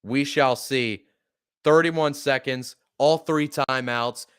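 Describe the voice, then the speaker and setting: Smooth-voiced profane fan commentator. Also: male voice, medium pitch, slow. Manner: excitable, profane, shouting when upset. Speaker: sports podcast host. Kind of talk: live play-by-play fan commentary.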